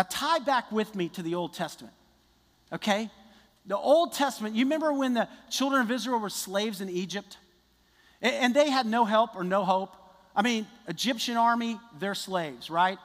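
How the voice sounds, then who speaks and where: Male pastor, high voice, lively conversational sermon, long hall reverb. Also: moderate pace. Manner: conversational, animated preaching with restarts.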